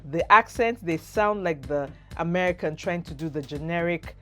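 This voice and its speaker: A middle-aged woman with a Nigerian accent, talking casually to camera as an expressive, humorous storyteller. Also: deep voice, moderate pace, faint music behind. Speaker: vlogger.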